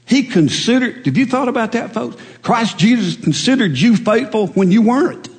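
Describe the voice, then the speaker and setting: A middle-aged male preacher giving a folksy, animated sermon full of stories. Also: extremely high pitch, moderate pace, big-room sound.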